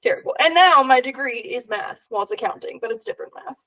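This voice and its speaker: A woman's voice: sits high, a little fast, a bit bright, far from the mic. Giggly young woman telling stories. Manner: giggly storyteller, laughs often. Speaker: podcast co-host. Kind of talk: casual chat.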